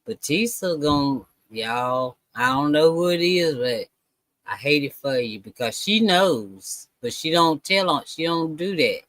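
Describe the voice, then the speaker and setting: A reaction host speaks slowly in a mid-range voice, musing and often trailing off between thoughts. The sound is dry and close, with no room around it. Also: mid-range voice, lively intonation, a bit bright, no room sound, low-quality recording. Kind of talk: casual reaction commentary.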